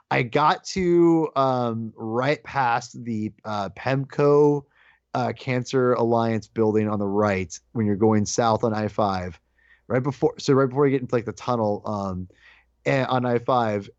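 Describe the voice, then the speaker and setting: A man in casual podcast chat, telling an animated story and acting out his own shouted lines. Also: mid-range voice, moderate pace, no echo. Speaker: podcast guest co-host. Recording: dull lo-fi dry sound.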